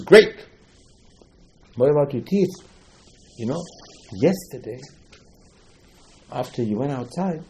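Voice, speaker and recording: A man teaching a Torah class as a lively storyteller, repeating phrases and mixing in Hebrew terms. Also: mid-range voice, a little hiss or hum. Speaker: rabbi teaching Talmud.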